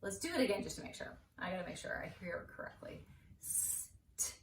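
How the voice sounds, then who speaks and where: A woman's voice: fairly low pitch, expressive, recorded from a distance. A woman teacher walks a class through spelling words, stretching out each sound and syllable. Her voice rises and falls a lot, and she sits some way from the mic in a roomy space with a faint hiss. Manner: slow, clearly sounding out letters and syllables. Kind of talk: spelling lesson to an imagined class.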